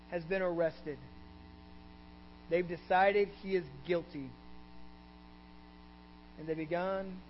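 Texan pastor, man, high voice, animated sermon storytelling, dull recording with faint hum. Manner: animated storytelling, voicing characters in the scripture. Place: church.

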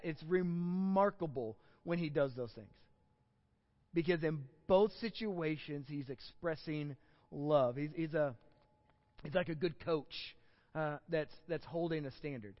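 Texan pastor preaching in a reverberant hall. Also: male voice, on the high side, unhurried, dull audio. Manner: conversational preaching with many restarts, rising to emphatic peaks. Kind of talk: sermon. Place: church.

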